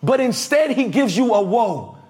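A male preacher with a very high voice delivers a lively sermon in a church. He talks straight to his congregation, asking them to answer back and raise their hands. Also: unhurried. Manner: energetic, preaching with calls to the congregation.

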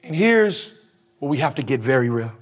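A man's voice: mid-range voice, very animated, normal speed. A male preacher giving a conversational, slangy sermon, leading the congregation in call-and-response.

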